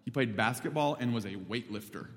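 A man from North Alabama preaching, telling a story in a casual, animated way with many fillers. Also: medium pitch, brisk, big-room sound. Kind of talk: sermon storytelling.

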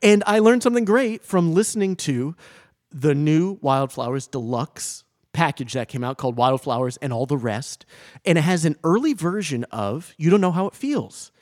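A man co-hosting a podcast, chatting casually with a fairly high, lively voice that swings up and down as he laughs and talks. The sound is close and dry. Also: moderate pace, no echo. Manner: animated, laughs often, restarts words. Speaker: podcast co-host. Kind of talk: casual chat.

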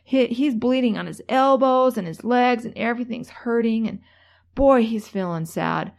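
A woman's voice: on the high side, normal speed, creaky. A woman giving a motivational talk, telling stories in a chatty way full of fillers and restarts. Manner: chatty, many fillers and restarts, lively when telling a story. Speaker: motivational speaker.

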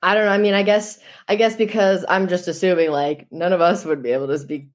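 A woman's voice: fairly low pitch, fairly even intonation, fast. A young adult woman, a podcast guest, chatting casually and telling stories with lots of fillers and laughs. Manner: chatty, storytelling, laughs often, many fillers. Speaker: guest, Olympic hockey player.

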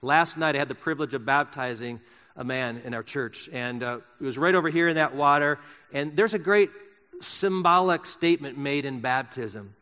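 A man preaching a sermon in a church, swinging from loud emphasis to soft, slow words. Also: medium pitch, long reverb tail. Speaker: pastor. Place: church sanctuary.

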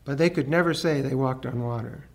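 A pastor with a brisk delivery and vocal fry preaches a sermon earnestly, raising his pitch and volume for emphasis.

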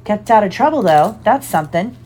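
A woman reading the lines of a huge, kindly, gruff gamekeeper with a rough dialect. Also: mid-range voice, expressive, brisk, warm tone, a little hiss or hum, voice pushed up, lightly acted. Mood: chatty. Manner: rough dialect, dropped words.

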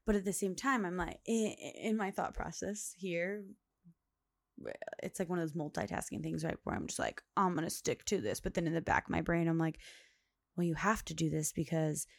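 Gravelly low-voiced woman podcasting solo. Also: fairly even intonation, moderate pace, no echo. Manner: rambling, chatty, many fillers and laughs. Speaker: podcast host. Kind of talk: casual solo monologue.

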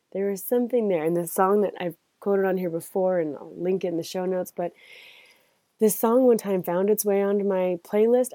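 A chatty woman hosting her podcast, rambling warmly through a reflective monologue and laughing often. Her tone is mellow and relaxed, recorded dry and close on AirPods at a cabin. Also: on the low side, dry recording. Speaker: podcast host. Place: family cabin.

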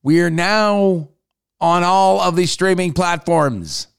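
A man hosting his own podcast, telling stories in a casual, animated way with quick swings in tone. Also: high-pitched, vocal fry, clear, resonant tone, dry recording, clean studio sound. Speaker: podcast host. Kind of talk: casual solo podcast talk.

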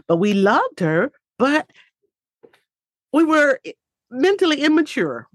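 A woman's voice: lowish voice, lively intonation, a little slow, no room sound, studio quality. A woman giving a heartfelt, faith-filled motivational talk in an earnest, reflective way.

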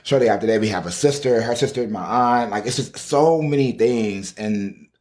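A man, a podcast guest, telling his personal story in casual, earnest conversation with animated asides. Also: mid-range voice, normal speed.

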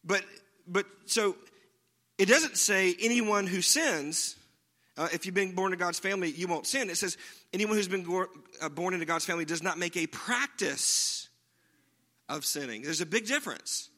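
A man's voice: high-pitched, normal speed, sharp tone. A man preaching a sermon in a conversational way, often checking in with his listeners by asking "right?". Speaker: pastor.

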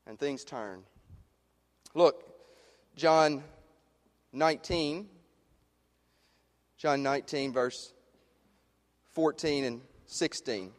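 High-voiced male pastor in a reverberant sanctuary. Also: extremely slow, long pauses. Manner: passionate, swinging from loud emphasis to hushed questions. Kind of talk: sermon. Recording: long reverb of a large hall.

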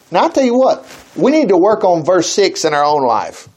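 High-voiced, lively preacher man. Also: a little hiss or hum. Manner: folksy, exclamatory, reads verses slowly then comments. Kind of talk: sermon reading scripture aloud.

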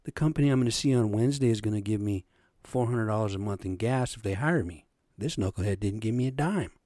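A man's voice: fairly low pitch, fast talker, dark tone, no room sound, studio quality. A middle-aged man hosting a podcast, delivering a blunt, heated, profane rant and acting out the people he quotes. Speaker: podcast host. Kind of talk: angry ranting monologue.

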